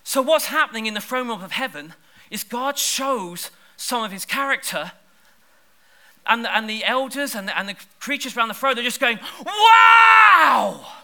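A man preaching a sermon in church, lively and conversational, pushing hard on key words. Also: extremely high pitch, moderate pace. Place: church service.

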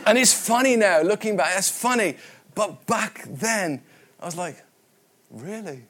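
A man's voice: high-pitched, expressive, a little slow, fairly bright tone. A man from the West Midlands preaching a sermon, telling personal stories in a conversational way and often repeating his words. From West Midlands, England. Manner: conversational and anecdotal, with frequent repetitions.

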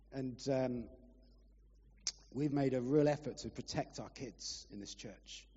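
A man's voice: mid-range voice, warm tone, breathy edge. A man preaching a sermon as pastor, earnest and pleading, at times emotional. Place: church hall. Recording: reverberant church hall, muffled.

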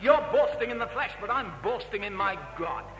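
A man's voice: sits high, animated, moderate pace, a bit bright, voice pushed down. A man voicing a bold young shepherd defying a giant, heard in an echoey hall. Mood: defiant. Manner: defiant. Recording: echoey hall, faint music.

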